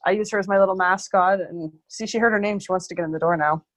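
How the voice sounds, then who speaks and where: A woman's voice: mid-range voice, steady tone, fast, slight background noise. A woman who works in pest control, chatting casually as an interview guest, rambling with many fillers.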